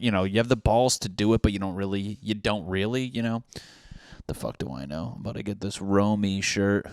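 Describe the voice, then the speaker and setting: Low-voiced sarcastic profane man. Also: no room sound, clean studio sound. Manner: profane, sarcastic, reads lyrics and captions aloud mockingly. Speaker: podcast host. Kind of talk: casual solo podcast rant.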